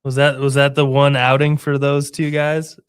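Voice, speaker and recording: A man's voice: mid-range voice, completely flat delivery, moderate pace, clear, resonant tone. A man hosting a podcast in a casual, laid-back way, asking questions and reacting with short exclamations. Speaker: podcast host. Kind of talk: casual interview.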